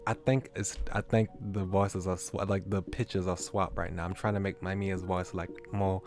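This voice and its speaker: A man's voice: low-pitched, little pitch movement, normal speed, over music. A man reading a visual novel aloud, chatty and self-deprecating, his voice getting scratchy. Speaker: streamer.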